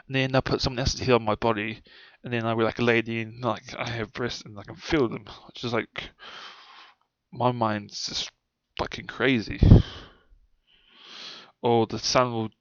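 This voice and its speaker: Speaking to camera, this young New Zealand vlogger rambles through childhood stories, swears a lot and lets sentences trail off. His pitch moves little within a mid-range, at normal speed and slightly bright, on a dull, dry lo-fi recording with no room sound.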